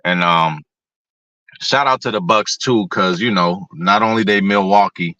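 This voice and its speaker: A man's voice: low voice, unhurried, pushed and bright, no echo. A man hosting a casual sports talk show, rambling and profane, talking to his viewers by name. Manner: talks to chat viewers by name.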